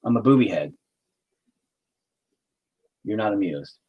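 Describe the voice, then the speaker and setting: A man's voice: fairly low pitch, expressive, takes it slowly, husky, phone-quality sound. A middle-aged man chatting casually on a live stream, joking and teasing as a father.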